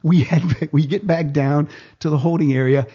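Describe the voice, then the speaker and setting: A man with a slightly high voice tells a casual story as a podcast guest. He is lively and pushes his pitch up to quote people. The sound is a bit dull and muffled. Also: normal speed, breathy edge. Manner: animated, jumps higher in pitch for quoted voices.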